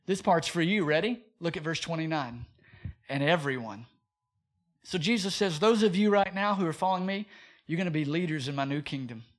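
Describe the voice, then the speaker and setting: Speaking briskly with lively intonation, a pastor preaches in a fairly high voice that rises and falls as he hammers his points home. He asks rhetorical questions and acts out quotes mid-sermon.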